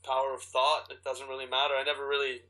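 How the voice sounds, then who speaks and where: A man, an actor, telling stories in a casual interview, animated and full of restarts as he acts out his own quotes. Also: medium pitch, fast, rough recording. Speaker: actor guest.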